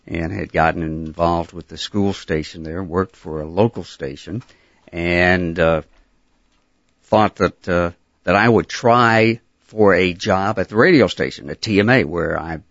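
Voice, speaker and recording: An older man with a very deep voice recalls his early radio days, pausing often. The studio sound is dry and dull. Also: a bit bright, no room sound. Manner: hesitant, with many pauses and fillers. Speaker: former radio disc jockey, guest. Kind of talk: casual interview.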